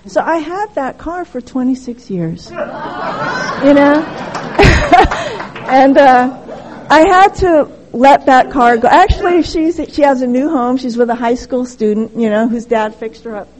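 A middle-aged woman with a high voice shares her recovery story at a meeting. She talks candidly and haltingly, often restarting sentences and adding "you know". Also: expressive, darkish tone, slight background noise, poor audio. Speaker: speaker sharing at a recovery meeting.

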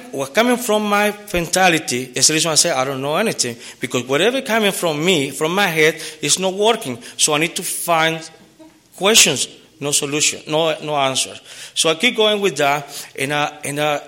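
Guy sharing his recovery story, kinda high voice, halting and earnest, keeps repeating himself. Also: bright, forceful tone. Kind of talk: personal testimony at a recovery meeting.

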